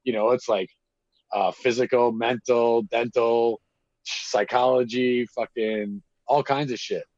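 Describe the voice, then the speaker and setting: A man, telling stories in casual chat, animated and acting out quotes with lots of fillers and swearing. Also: medium pitch, slow pace, no room sound. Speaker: guest telling prison stories. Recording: dull lo-fi dry recording.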